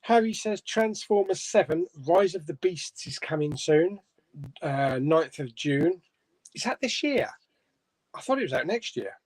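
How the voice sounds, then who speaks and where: A man's voice: on the high side, animated, unhurried, darkish tone, no echo. A man hosting a casual live stream, reading viewer comments aloud and chuckling between them. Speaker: host of a live chat stream. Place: home room.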